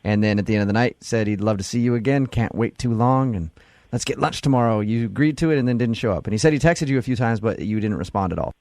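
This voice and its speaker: A man's voice: medium pitch, fast talker, darkish tone, no echo. A man hosting a radio show, laying out the story and teasing the caller.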